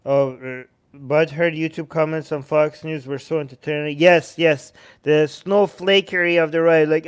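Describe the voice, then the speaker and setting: A man with a high, smooth and clear voice hosts a live-stream commentary. He reads news snippets aloud, breaks off to answer viewer comments and slips into mocking impressions of people. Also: steady tone, unhurried. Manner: sarcastic, mocking impressions of others. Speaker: host.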